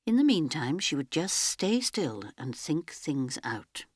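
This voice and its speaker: A woman's voice: deep voice, very animated, a little slow, darkish tone, no echo, clean studio sound. A woman narrating an audiobook dramatically, often dropping to a whisper.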